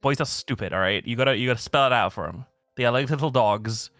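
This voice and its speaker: A man's voice: medium pitch, fast, a bit bright, no room sound. A young man chatting casually and rambling, swearing and laughing often as he talks. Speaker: streamer. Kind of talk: casual chat.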